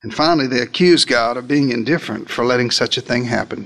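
A man's voice: fast talker, few pauses, a bit bright. A man preaching a sermon as a dramatic first-person retelling, theatrical, with dry humorous asides. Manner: theatrical, with wide swings in pitch and pace.

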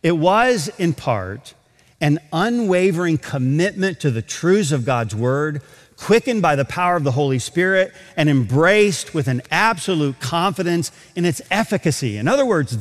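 A man preaching an expository sermon to a large auditorium. His voice sits a bit high and moves through a wide, animated range as he stresses scripture lines. A long reverb trails behind his words in the hall.

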